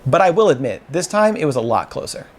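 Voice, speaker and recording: A man's voice: fairly high pitch, very animated, quick pace, over music. A man hosting a casual street poll at a fan convention, friendly and explaining with playful emphasis. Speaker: host running a street poll. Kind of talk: casual interviewing.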